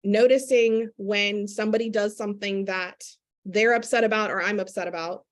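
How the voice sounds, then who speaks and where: A woman's voice: medium pitch, steady tone, normal speed. A woman speaking as a guest in a candid conversation, earnestly and reflectively explaining parenting step by step.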